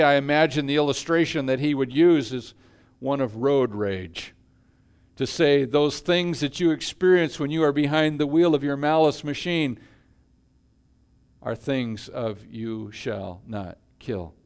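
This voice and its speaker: A male pastor preaching a sermon in a measured way, letting his voice fall quiet at the ends of phrases. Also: a little high, clear, resonant tone.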